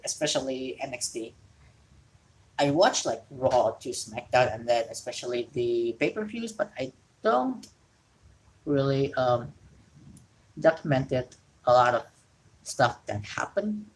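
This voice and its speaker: A woman's voice: rumbling low, animated, a little slow, long pauses, poor audio. A woman from Indonesia, an English speaker, hosting a casual solo wrestling talk show from home and rambling with frequent self-corrections. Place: home during rain.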